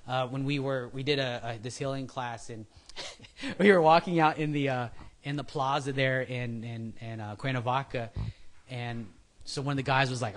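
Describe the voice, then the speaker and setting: This man speaks at a moderate pace in a mid-range, somewhat bright voice. His sermon is relaxed and conversational, wandering into side topics while he performs quotes in different voices.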